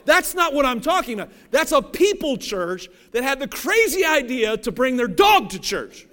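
A man's voice: very high voice, very animated, moderate pace, few pauses, pushed and bright. A man from Cincinnati, Ohio, preaching a sermon in a conversational, joking way and often checking that the audience follows along. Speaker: pastor.

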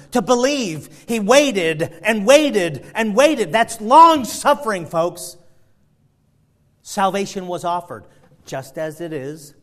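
A man preaching a sermon, quoting scripture and swinging between loud urgent pleas and hushed, quiet passages, often stumbling over and repeating words. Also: high-pitched. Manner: quotes scripture in King James wording, stumbles and repeats words.

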